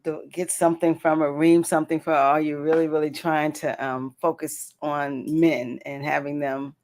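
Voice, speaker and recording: A radio host interviewing a guest, curious, asking follow-up questions and giving quick affirmations. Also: mid-range voice, flat delivery, darkish tone.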